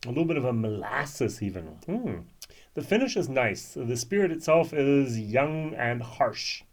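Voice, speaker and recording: A man's voice: medium pitch, very animated, a little slow. A man reviewing whisky in a casual, musing way, with frequent ums and restarts.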